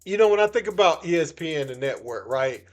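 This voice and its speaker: A man's voice: fairly high pitch, animated, brisk, soft background music. A man hosting a casual sports commentary video, talking loosely and conversationally with plenty of filler phrases. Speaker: channel host.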